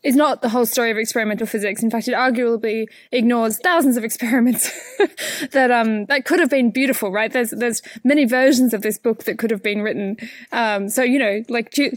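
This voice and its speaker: A woman with an Australian accent, a particle physicist and author answering interview questions in a lively, story-telling way. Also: fairly high pitch, no room sound. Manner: animated storyteller, fillers and quick restarts.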